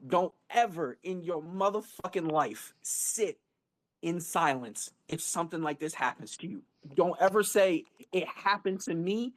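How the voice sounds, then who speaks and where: A man's voice: fairly high pitch, no room sound. A man in his thirties speaking emotionally in a live online audio room. He is blunt and profane, and he stresses points by repeating words and restarting sentences. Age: 30s. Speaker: guest speaker.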